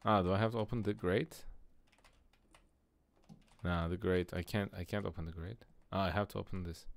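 A man's voice: low-pitched, fairly even intonation, normal speed, vocal fry. A young man giving laid-back, joking commentary while streaming a game. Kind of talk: casual gameplay commentary.

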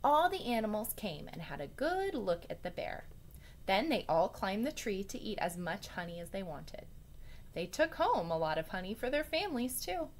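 A woman teacher reading a story aloud to students in an expressive way, with chatty asides to the children. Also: mid-range voice, moderate pace, a little hiss or hum.

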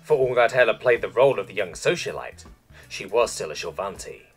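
Husky male story narrator. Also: lowish voice, a little fast, soft background music. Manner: expressive storytelling. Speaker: audiobook narrator.

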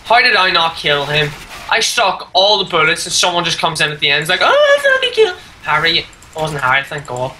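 A woman's voice: low-pitched, a little fast, pushed and bright, a little hiss or hum, rough recording. A woman ranting and swearing at a rival player while commenting on her own gameplay. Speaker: gamer.

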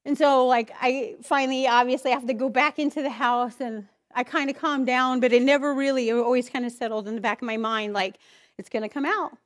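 High-pitched woman, church testimony speaker, candid and emotional storyteller. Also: fairly even intonation, fairly quick. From Idaho, US. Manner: candid, emotional storytelling with acted inner voices. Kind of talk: personal testimony talk.

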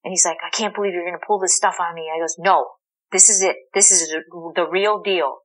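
A woman guest in an interview, telling a story in a casual, animated way, acting out the dialogue and laughing often. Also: lowish voice, fairly quick, poor audio. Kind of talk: conversational storytelling.

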